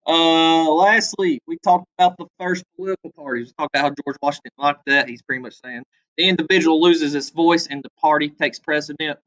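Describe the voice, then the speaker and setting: A man's voice: a little high, a little fast, a bit bright, rough recording. A man teaching a casual history review, talking loosely with frequent fillers. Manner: loose, conversational, many "uh" fillers, acts out quotes.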